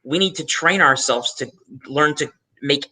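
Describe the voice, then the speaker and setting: A man's voice: a little high, unhurried, pushed and bright, rough recording. A man on a video call telling a story to make a point, hesitant, with many ums and restarts. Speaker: panelist. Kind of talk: casual chat.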